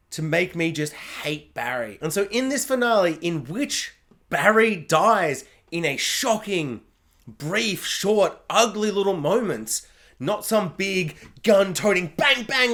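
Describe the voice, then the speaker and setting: A man's voice: sits high, fairly bright tone. A man giving a casual spoken TV review, rambling along and filling his talk with "like". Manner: rambling, heavy on "like" fillers.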